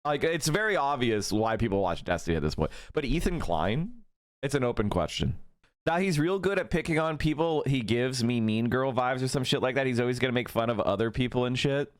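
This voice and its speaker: A man's voice: medium pitch, animated, fairly quick, no echo, clean studio sound. A man in his thirties ranting profanely and mockingly during a live stream commentary.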